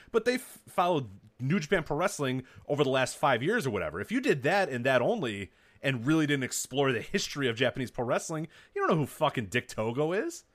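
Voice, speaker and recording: A man co-hosting a casual podcast, telling stories with lots of laughs and acted-out reactions. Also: on the high side. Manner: animated storytelling, laughs often, acts out his reactions. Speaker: podcast co-host. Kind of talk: casual wrestling podcast chat.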